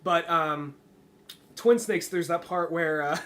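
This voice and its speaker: A man's voice: fairly high pitch, takes it slowly, a bit bright. A man co-hosting a podcast in casual chat, hesitant and full of "like", laughing as he talks. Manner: hesitant, many likes, laughs into his lines. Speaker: podcast co-host.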